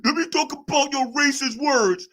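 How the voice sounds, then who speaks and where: A man imitating a brash young male chat commenter who taunts and shouts in a loud, challenging voice. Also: very high-pitched, normal speed, pitched above the performer's own voice. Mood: boastful. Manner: shouty, challenging, says "yo" a lot.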